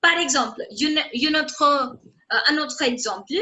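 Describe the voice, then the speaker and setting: A woman's voice: high-pitched, normal speed, bright, forceful tone, slight background noise, poor audio. A woman teaching French in an online lesson. She repeats her example sentences and often checks that her students are following.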